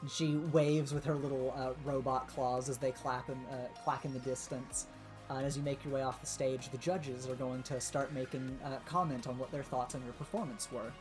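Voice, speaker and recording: A man narrating a tabletop role-playing game as game master, relaxed and full of filler words. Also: medium pitch, normal speed, music in the background. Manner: relaxed, filler-heavy narration with many uhs.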